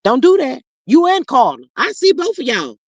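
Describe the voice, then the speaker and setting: A livestream host in a casual gossip chat, reading out viewers' comments and reacting in a sassy, animated way, often saying "child". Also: high voice, normal speed, no echo, muffled recording.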